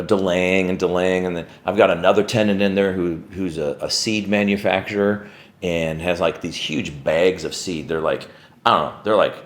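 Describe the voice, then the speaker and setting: Deep-voiced man telling a story. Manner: casual, peppered with "like" and "right?", swears freely. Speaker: warehouse business owner. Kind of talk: casual storytelling to camera.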